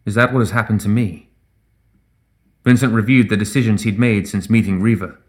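A man reading a fantasy story aloud as narrator in a measured, even way. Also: on the low side. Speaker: audiobook narrator. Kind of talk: scripted narration.

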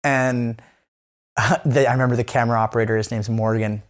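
A man's voice: mid-range voice, steady tone, fairly quick. A man co-hosting a podcast, talking candidly in a casual chat, rambling with many fillers and restarts. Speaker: podcast co-host.

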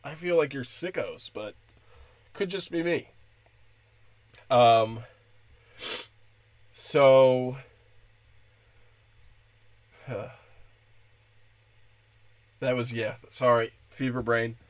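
A man's voice: medium pitch, extremely slow, pauses often, dry recording. A young man doing a crude, profane stand-up comedy rant.

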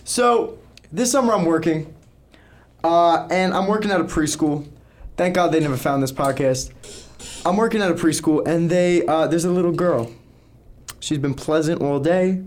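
A man's voice: fairly high pitch, normal speed, long pauses. A young man co-hosting a podcast, telling stories in a rambling, casual way and swearing freely. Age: young adult. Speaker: podcast co-host.

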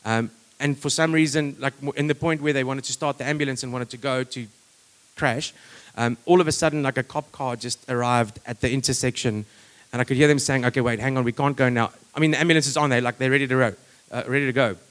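Guy telling his testimony, loose and chatty, lots of um and like, middle pitch. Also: steady tone, quick pace, fairly bright tone. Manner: rambling, conversational, many fillers and restarts. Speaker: speaker giving a testimony. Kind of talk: personal testimony talk.

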